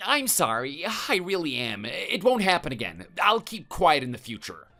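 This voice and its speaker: A man's voice: a little high, huge pitch swings, normal speed, bright, forceful tone, soft background music, voice pushed up, heavily acted. A man doing a whiny grovelling ex-husband. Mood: apologetic. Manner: whiny, pleading, stammering. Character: cowardly bullying male ex-husband, grovelling. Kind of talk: text message story voice.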